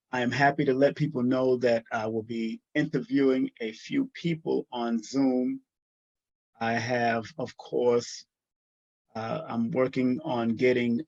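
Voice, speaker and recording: A man's voice: mid-range voice, darkish tone, no room sound, highs cut off. A man hosting a casual livestream, laid-back and repetitive, chuckling as he checks whether viewers can hear him. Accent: New York. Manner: laid-back, repeats phrases, chuckles often. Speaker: livestream host. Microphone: webcam or laptop mic on a video call.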